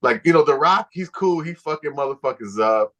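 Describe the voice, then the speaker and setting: A man's voice: on the high side, animated, fairly quick, bright, forceful tone. A man co-hosting a casual podcast chat, talking in a laid-back, slangy way full of "bro" and "you know what I'm saying.". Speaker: podcast co-host. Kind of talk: casual movie-talk chat.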